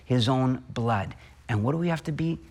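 A man preaching a homily as a priest, earnest, asking and answering his own questions and slowing down on key phrases. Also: medium pitch, a little mellow.

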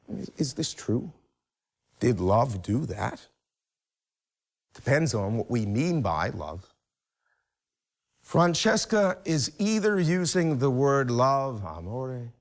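A man lecturing on a text at an unhurried pace. His pitch rises and falls widely as he leans on key phrases and repeats them for emphasis. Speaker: literature lecturer. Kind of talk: close-reading lecture.

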